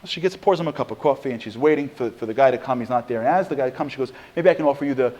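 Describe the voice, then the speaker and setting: A man's voice: medium pitch, racing, muffled recording. A middle-aged man giving a storytelling sermon, acting out the quotes and building in intensity as he goes. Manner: animated storyteller, acts out quotes, rising intensity. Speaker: speaker giving a Torah talk.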